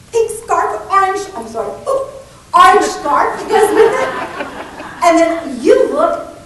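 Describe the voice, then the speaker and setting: A woman with a Texas Southern accent giving a lively, chatty conference talk on business etiquette and joking with her audience. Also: high-pitched. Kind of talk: conference presentation. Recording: echoey hall audio from far off, faint background noise.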